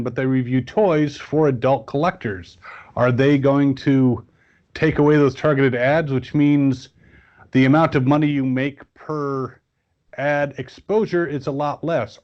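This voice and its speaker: A man's voice: medium pitch, muffled recording. A man chatting casually as a guest on a podcast, rambling with many fillers and restarts. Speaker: guest toy reviewer.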